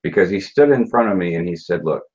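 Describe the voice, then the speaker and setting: A man's voice: deep voice, lively intonation, quick pace, darkish tone. A man recounting his experiences in a casual interview, blunt and profane, with many fillers and restarts. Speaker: interview guest. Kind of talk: casual recounting of personal story. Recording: dull lo-fi sound.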